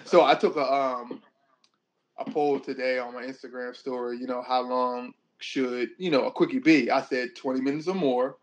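A man's voice: mid-range voice, steady tone, moderate pace. A young man hosting a podcast, joking crudely and mocking people in quoted voices. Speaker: podcast host. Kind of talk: casual chat.

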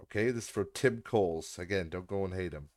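A man's voice: low-pitched, fairly quick, darkish tone. A man hosting a podcast, ranting sarcastically in a casual way and swearing freely. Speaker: podcast host. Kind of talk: casual rant.

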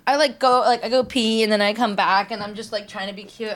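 A woman's voice: on the high side, normal speed, few pauses, fairly bright tone. Young woman telling a rambling story. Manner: rambling, acts out quoted lines. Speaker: podcast co-host. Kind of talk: casual storytelling chat. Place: studio.

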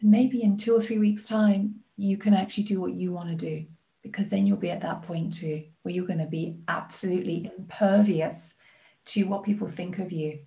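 A woman guest on a podcast, a life coach talking in an animated, earnest way. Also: fairly low pitch, normal speed, gravelly. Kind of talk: podcast conversation.

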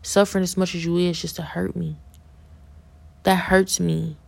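A woman with a low, gravelly voice gives an impassioned religious testimony as a podcast guest. She talks in a fervent, preachy way and circles back over the same points again and again. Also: flat delivery, moderate pace.

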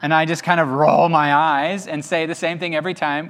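A man preaching a sermon as pastor to an audience, animated and conversational, with humorous asides. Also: on the high side, brisk, few pauses. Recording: long hall reverb.

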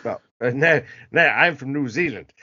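A man's voice: medium pitch, lively intonation, moderate pace, pushed and bright, breathy edge, muffled recording. A man hosting a podcast in a tipsy casual chat, joking and laughing often. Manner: giggly, jokey, laughs often. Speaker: podcast host.

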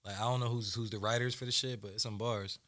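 A man's voice: fairly low pitch, steady tone, quick pace, fairly bright tone, a little hiss or hum. A young man hosting a podcast in loose, joking chat full of slang and laughter. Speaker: podcast host. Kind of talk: casual podcast banter.

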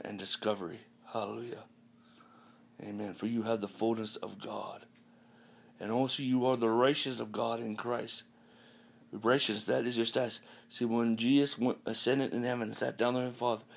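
A man delivers a podcast sermon in a gravelly, creaky voice of middling pitch. He repeats his points and sprinkles hallelujahs and amens throughout. His delivery halts often, with ums and false starts. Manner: repetitive, peppered with hallelujahs and amens; halting, with restarts and ums. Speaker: preacher.

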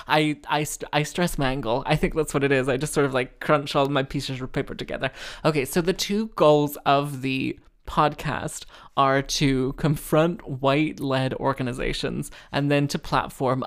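Woman podcast host, low voice, sarcastic and rambling, casual chat. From Wales. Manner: sarcastic, rambling, with frequent restarts and laughs.

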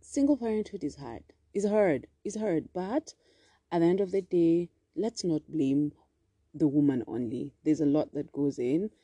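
A woman in her thirties, a single mother telling a story to her viewers in a chatty, expressive way. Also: low voice, moderate pace, slightly rough, dry recording. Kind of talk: casual storytelling vlog.

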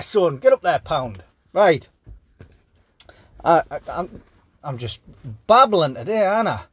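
A man's voice: on the high side, sing-song, takes it slowly, pauses often, husky. A sleep-deprived man hosting a podcast, reading headlines aloud and riffing on them in a rambling, jokey way. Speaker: podcast host. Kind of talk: casual news commentary.

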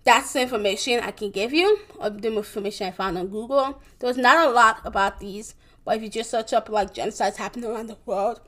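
A young woman giving a presentation, reading from her notes haltingly, with many restarts, corrections and fillers. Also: mid-range voice, a bit bright. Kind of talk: reading a school presentation on world events.

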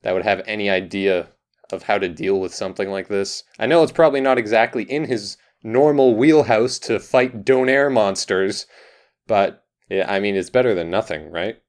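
A man playing a tabletop role-playing game, talking animatedly and laughing, with swings from mumbles to excited bursts. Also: on the low side, normal speed. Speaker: player. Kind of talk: tabletop role-play chat.

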